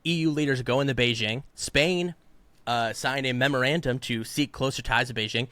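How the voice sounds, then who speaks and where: A man's voice: medium pitch, moderate pace, fairly bright tone, clean tone, no echo. A man co-hosting a podcast, fired up and ranting in heated political commentary, mocking the people he quotes. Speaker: podcast co-host.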